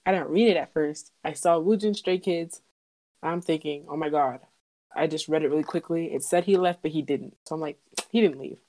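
Low-voiced young woman, rambling chat. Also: moderate pace, darkish tone. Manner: rambling, lots of fillers, emphatic quotes. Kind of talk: casual fan chat.

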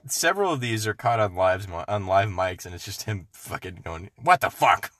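A man's voice: deep voice, lively intonation, normal speed, a bit bright, no room sound, clean studio sound. A young man co-hosting a podcast, giggling often and joking crudely in casual chat. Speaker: podcast co-host. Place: car.

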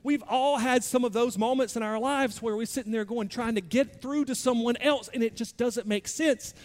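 A man preaching a sermon in a conversational, self-deprecating way, moving between quiet asides and louder bursts. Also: extremely high pitch, normal speed, long reverb tail. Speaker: pastor.

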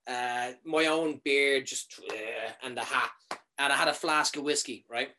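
A man casually telling a comic anecdote, animated, swearing freely and often checking in with "right?". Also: mid-range voice, a little slow, a little hiss or hum.

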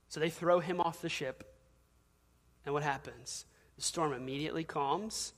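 A man's voice: fairly high pitch, fairly even intonation, moderate pace, a bit bright. A male pastor preaching a sermon, telling stories casually and building to emphatic peaks, in a church. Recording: long hall reverb.

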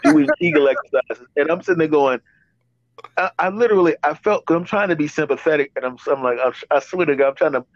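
A man's voice: a little high, animated, fast, no echo, dull audio. A man in his fifties, telling stories in a rambling way with lots of restarts on a casual podcast. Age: 50s. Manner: rambling storyteller with many restarts. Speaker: podcast host.

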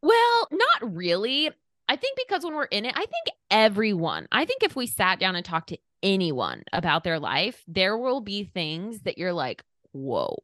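A woman in her thirties, a podcast guest talking candidly, blunt and animated, swearing casually. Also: medium pitch, moderate pace, no echo, studio quality. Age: 30s. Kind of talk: candid conversation.

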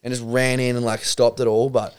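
A man's voice: medium pitch, flat delivery, a little fast, a little mellow, smooth. Sweary Australian guy telling a story. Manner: rambling, swearing storyteller who acts out other people's voices. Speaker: podcast guest storyteller. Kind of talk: casual chat.

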